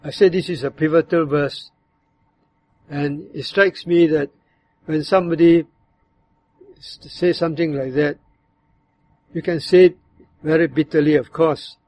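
A man preaching a sermon, explaining a verse in a measured way and sometimes voicing other tones to show its meaning. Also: a little high, steady tone, darkish tone. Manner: measured, explanatory, acts out bitter and demanding tones when quoting. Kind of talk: sermon on a psalm.

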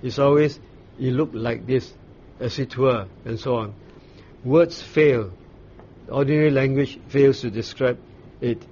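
A man leads a Bible study, walking his listeners through scripture at an unhurried, searching pace with frequent pauses. His voice sits in an ordinary middle register. The recording is dull and lo-fi, with a faint hiss beneath it. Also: mid-range voice, darkish tone. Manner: unhurried explaining with frequent fillers and restarts. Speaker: Bible teacher.

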